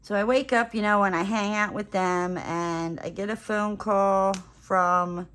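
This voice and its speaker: A woman craft vlogger telling a rambling, animated story while she crafts, with playful self-mocking exclamations. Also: medium pitch, measured pace, clean tone.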